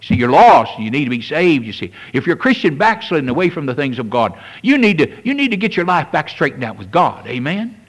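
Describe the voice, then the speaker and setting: Man, preacher, folksy sermon, slightly high voice, lo-fi radio sound. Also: big pitch swings, fairly quick, hardly any pauses. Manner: folksy preaching with frequent "amen" and "you see", rising in fervor.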